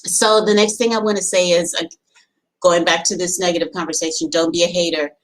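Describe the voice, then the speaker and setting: A woman's voice: fairly low pitch, steady tone, fairly quick, poor audio. Woman, business coach; emphatic motivational talk, repeats her points. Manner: emphatic, repetitive exhortations.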